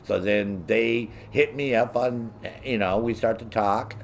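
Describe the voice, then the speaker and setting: Gravelly man ranting, swearing nonstop. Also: fairly low pitch, a little slow, slight background noise. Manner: blunt, swears constantly, mimics others in raised voice. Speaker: show host. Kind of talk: profane ranting monologue.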